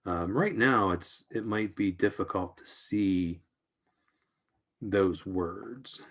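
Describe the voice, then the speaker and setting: A man with a very low, deep voice talks his way through an art journaling demonstration. He speaks casually and reflectively, pausing with ums and restarting his sentences as he works at his desk. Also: fairly bright tone, breathy edge.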